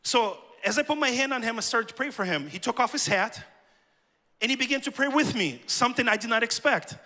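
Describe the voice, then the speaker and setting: Male pastor, sermon storyteller, high voice, long hall reverb. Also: animated, fairly quick, bright, forceful tone. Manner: personal storytelling, addresses the church directly. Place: church sanctuary.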